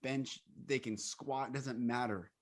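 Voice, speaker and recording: A coach who leads men's retreats speaks earnestly and emphatically in an interview, occasionally laughing as he explains things. His voice is mid-range, with fairly even intonation and a slow pace.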